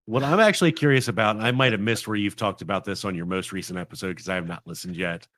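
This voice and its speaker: A man's voice: lowish voice, quick pace, dry recording, clean studio sound. A man hosting a casual gaming podcast, chatting loosely and laughing often. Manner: laughs often, relaxed rambling. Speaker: podcast host.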